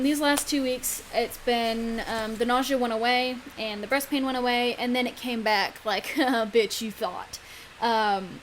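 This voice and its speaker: A woman's voice: on the high side, slight background noise, poor audio. A young woman chatting casually in a vlog, full of ums and likes. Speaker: vlogger. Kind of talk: casual pregnancy vlog chat.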